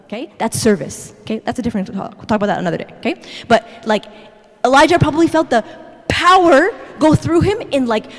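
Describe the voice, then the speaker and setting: A woman giving a lively, chatty church talk, constantly checking in with her listeners with "okay?". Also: high-pitched, fast talker. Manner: animated, chatty, tags "okay?" after every point. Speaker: guest speaker. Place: church sanctuary. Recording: echoey church hall.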